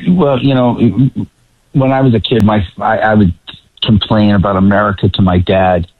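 A man's voice: on the low side, moderate pace, no room sound. Man with a faint Boston accent on a phone line. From Boston area. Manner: relaxed, hesitant. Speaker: guest commentator. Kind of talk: casual radio chat.

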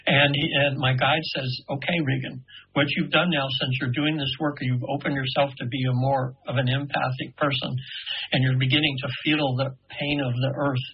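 A man in his seventies, a radio guest telling an earnest, meandering story full of halting restarts. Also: mid-range voice, flat delivery, husky, muffled recording. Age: 70s.

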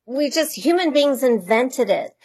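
A woman's voice: sits high, lively intonation, a little slow, a little mellow, husky. A woman who is an author and money coach, a radio interview guest, speaking earnestly and reflectively with conviction.

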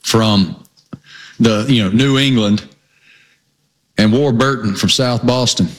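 A man's voice: medium pitch, slow pace. A middle-aged man with a Southern accent, co-hosting a sports talk show in an enthusiastic, folksy, joking way. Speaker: co-host.

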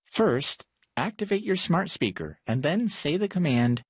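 Lively, husky male tech podcast host. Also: fairly high pitch, unhurried, no echo, clean studio sound. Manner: clear, steady and instructive. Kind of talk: scripted tech how-to narration.

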